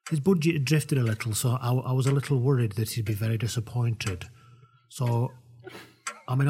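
Deadpan, mopey sacked coach musing alone, slightly low, as a man plays him. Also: slight background noise, close to an everyday voice. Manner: deadpan, mournful monologue. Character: lonely sacked rugby coach, middle-aged man, mopey. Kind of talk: comic character monologue.

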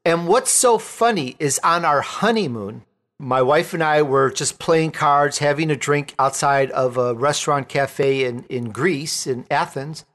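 A man's voice: a little high, measured pace. A man from Chicago hosting an interview show, chatting casually and telling jokey stories. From Chicago, USA. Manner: jokey, animated storyteller. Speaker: talk show host.

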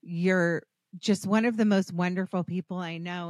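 In a dry, studio-quality recording, a podcast host with a low, steady, slightly mellow voice speaks at a moderate pace. She conducts a casual interview, gushing and earnest, rambling and restarting often, and becomes emotional.

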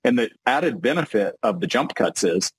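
A man hosting a podcast interview, a financial advisor talking animatedly and acting out quick examples. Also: medium pitch, husky, low-quality recording. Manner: animated, talks in quick bursts with acted-out examples.

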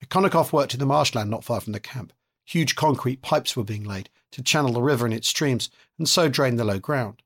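A man reads a novel aloud in a measured, steady way. His voice has a husky edge. He stays at an average pitch for a man. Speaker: narrator reading a novel. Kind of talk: audiobook narration.

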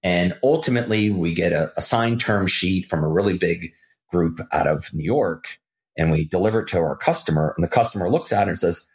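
A middle-aged man, a podcast guest, telling a story in casual talk and acting out the quoted lines with jumps in pitch. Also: brisk. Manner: animated, acts out quoted dialogue with jumps in pitch.

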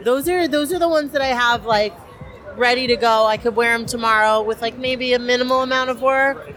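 A woman's voice: on the high side, a little fast, fairly bright tone, a faint crowd. A young woman cosplayer, chatty and enthusiastic with many fillers, interviewed at a convention. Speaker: cosplayer guest.

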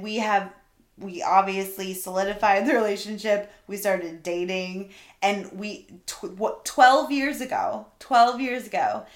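Animated woman telling a story, echoey room. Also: mid-range voice. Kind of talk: casual storytelling chat.

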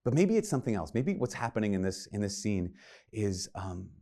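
A man's voice: on the low side, very animated, brisk, warm tone. A man preaching a sermon in an earnest, conversational way, retelling scripture with quoted dialogue.

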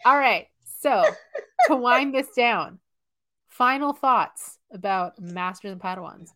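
A woman's voice: on the high side, slow pace, a bit bright. A woman co-hosting a casual fan chat, thoughtful and rambling, with many fillers. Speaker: podcast co-host.

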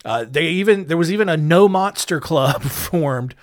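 A man with a slightly high voice hosts a comedy history podcast. He tells the stories casually, with lots of ums, quick jokes and sarcastic asides. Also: expressive. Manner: joking, rambling asides with many ums. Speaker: podcast host.

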